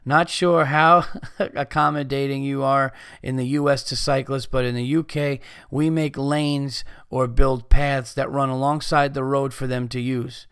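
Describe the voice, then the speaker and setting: Profane ranting podcast host, smooth voice. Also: male voice, medium pitch, flat delivery, a little slow, fairly bright tone, no echo, clean studio sound. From United States. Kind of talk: casual ranting monologue.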